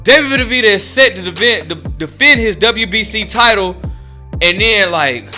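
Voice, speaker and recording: A man's voice: sits high, moderate pace, soft background music. A man giving casual boxing commentary in slangy talk, acting out what others said. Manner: slangy, animated, acts out quotes.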